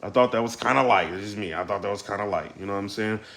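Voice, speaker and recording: A man giving a casual recap of a rap battle as host of his channel, animated, repeating lines and breaking into loud outbursts. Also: fairly low pitch, rapid-fire, vocal fry, reverberant.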